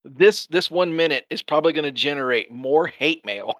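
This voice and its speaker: A man co-hosting a film podcast, cracking jokes and tossing in quick asides with frequent laughs. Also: on the high side, a bit bright, dry recording. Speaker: podcast co-host. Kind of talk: casual chat about a film.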